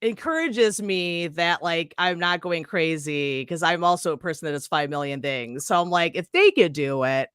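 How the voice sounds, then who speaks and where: A woman from Illinois co-hosting a casual podcast interview, chatty and quick to laugh. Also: lowish voice, a bit bright, clear, resonant tone, no echo, studio quality. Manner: giggly, chatty, jokey. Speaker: podcast co-host.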